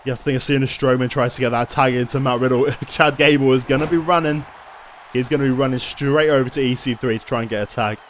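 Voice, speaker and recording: Guy doing wrestling game commentary, normal mid voice, gets shouty and excited on near falls, bit of faint background hiss. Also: medium pitch, fast talker.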